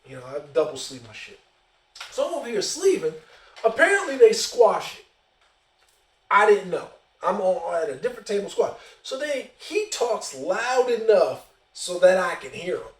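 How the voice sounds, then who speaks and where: Brief: high-pitched male host, animated profane storyteller, sounding distant from the mic. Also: normal speed. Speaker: podcast host. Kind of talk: casual storytelling. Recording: roomy echo, distant mic.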